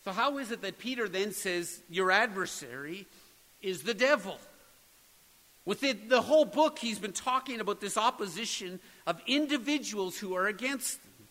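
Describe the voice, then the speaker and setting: A man's voice: high-pitched, animated, normal speed, pushed and bright, long reverb tail, poor audio. A man preaching a sermon, earnest and building to emphatic peaks. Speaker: pastor.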